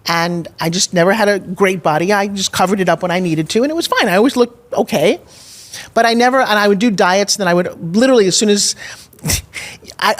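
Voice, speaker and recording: A middle-aged woman as a podcast guest, telling a personal story candidly and with emphasis, acting out her own past thoughts. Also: mid-range voice. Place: studio in Nashville.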